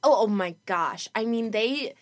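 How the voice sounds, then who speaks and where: A woman's voice: on the high side, measured pace, no room sound. A woman co-hosting a late-night casual podcast from a closet, bubbly and laughing as she tells stories. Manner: bubbly, laughing, animated storyteller. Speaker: podcast co-host.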